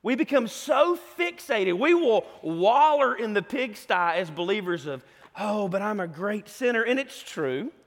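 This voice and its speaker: Male preacher, 40s, high voice, lively delivery, echoing hall. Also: unhurried. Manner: animated, folksy, voices Jesus in quotes. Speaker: pastor. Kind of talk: sermon. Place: church sanctuary. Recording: long hall reverb.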